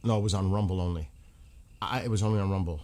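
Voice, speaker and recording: Male streamer, low pitch, loose rambling chat with viewers, blunt and profane. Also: fast talker, darkish tone. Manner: rambling, frank, swears freely. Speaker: livestream host. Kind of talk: casual livestream chat.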